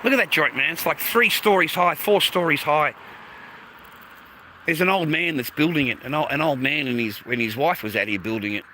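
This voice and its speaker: A man's voice: fairly high pitch, moderate pace, sharp tone, low-quality recording. An Australian man livestreaming outdoors, rambling to his viewers, swearing heavily and calling everyone mate. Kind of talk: casual livestream chat to viewers. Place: outdoors on a street. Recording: outdoor street noise, passing traffic.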